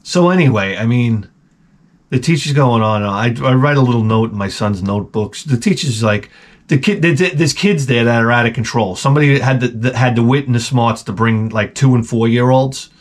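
A man's voice: mid-range voice, normal speed. A middle-aged man from Long Island, telling a rambling, profane, sardonic story as a vlog host. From Long Island, New York. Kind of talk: casual rambling monologue.

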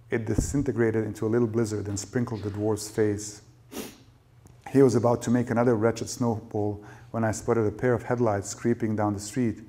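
A novelist reading his own fiction aloud at a lecture event, with measured, dry storytelling. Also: fairly low pitch, warm tone.

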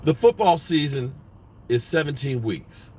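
A man's voice: medium pitch, lively intonation, a little slow, dark tone, slight background noise. A man hosting a sports vlog, ranting bluntly with lots of profanity. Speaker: sports vlogger.

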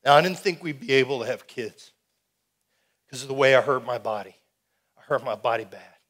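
A middle-aged man giving an animated, folksy testimony sermon to a youth rally, calling out to the crowd. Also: medium pitch, a little fast. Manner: animated, folksy, audience call-and-response.

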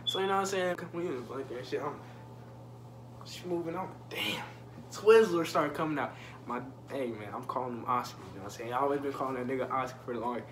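A man's voice: mid-range voice, fast, noisy background. A young man telling a profane, slangy story in a casual vlog and joking directly with his viewers. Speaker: storytime vlogger.

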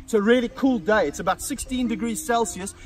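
A middle-aged man hosting an energetic outdoor wildlife demonstration, talking straight to his viewers and breaking into whoops. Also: sits high, brisk, distant mic, soft background music. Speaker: wildlife handler and host. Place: outdoors by snake enclosures.

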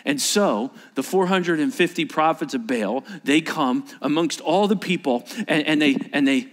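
A man's voice: fairly high pitch, normal speed. A male pastor preaching a sermon in a large church auditorium, telling the story animatedly and acting out the scenes. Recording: echoey large hall.

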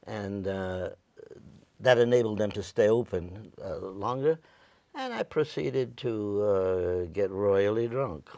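An elderly veteran from Staten Island, New York, reminisces in an oral history interview with a rough, gravelly voice that sits a little low. He wanders through his story and acts out the other people's lines as he goes. The recording is close and dry, with no room sound. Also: expressive, slow pace, darkish tone, no room sound. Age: older; 90s.

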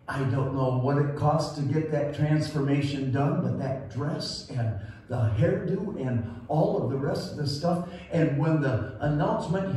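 A man's voice: a little high, slight background noise. A male pastor preaching a sermon, reading scripture in a folksy way and commenting on it as he goes. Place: church sanctuary. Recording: roomy church hall, mic heard from a distance.

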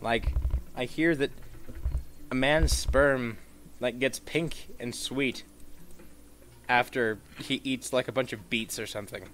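A man giving gameplay commentary, swearing freely and swinging into mock-outraged rants and sudden shouts. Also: medium pitch, fairly even intonation, slow, pauses often, slight background noise.

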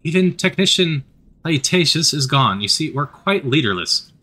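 A calm colony official speaks firmly and diplomatically, voiced by a man. The voice is bright, with a lively rise and fall. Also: a little high, normal speed, pitched above the performer's own voice, full character voice. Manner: firm, diplomatic.

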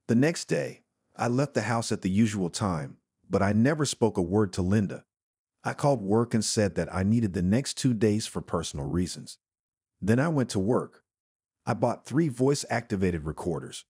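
In a steady, plain manner, a man narrates a story in the first person. His voice is lowish with a husky grain, and the close, dry recording has no room sound or echo.

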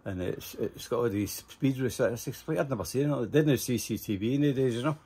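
An older Scottish man spins rambling, profane stories in casual conversation, packed with fillers and asides. His voice sits mid-range and moves briskly, warm in tone with a breathy edge.

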